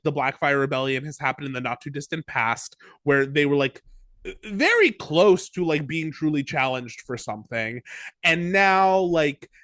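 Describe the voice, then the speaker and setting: Male podcast co-host, fairly high pitch, dry close sound, rambles in fillers. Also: bright, forceful tone, no room sound. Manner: thoughtful, rambling with many fillers. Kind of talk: casual chat reviewing a TV episode.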